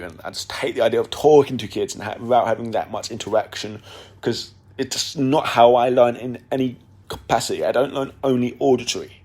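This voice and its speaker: A man's voice: medium pitch, fairly quick, darkish tone, husky. A young man talking casually on his own podcast, rambling with many fillers and restarts. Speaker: podcast host. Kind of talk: casual monologue.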